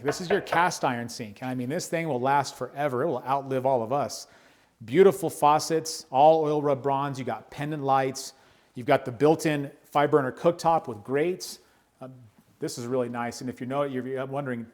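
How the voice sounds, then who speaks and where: A man in a real estate role gives an upbeat, casual walkthrough of a house. He talks as he walks from room to room and points out details along the way. His voice sits at an ordinary middle pitch. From United States. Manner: enthusiastic, chatty, points things out as he walks. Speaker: real estate broker giving a home tour. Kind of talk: walkthrough home tour narration. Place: indoors in a large house, walking room to room.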